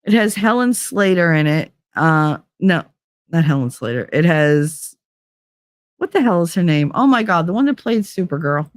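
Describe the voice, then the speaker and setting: A woman's voice: lowish voice, lively intonation, moderate pace, dry recording, studio quality. Chatty, foul-mouthed woman streamer. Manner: chatty, swears freely, greets viewers by name. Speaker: livestream host. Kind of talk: casual livestream chat.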